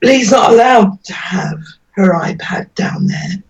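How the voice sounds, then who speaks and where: A woman's voice: mid-range voice, animated, slow pace, a little mellow. A woman interviewed about her daughter, talking earnestly and pleading, her voice breaking with emotion. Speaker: interviewee, mother. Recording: dull lo-fi audio, distant from mic.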